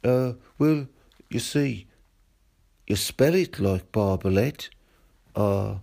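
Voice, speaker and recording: Slow, easygoing man explaining. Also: on the low side, expressive, gravelly, warm tone. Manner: easygoing, explaining at a leisurely pace. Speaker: caller leaving a voice message. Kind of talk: casual voice message.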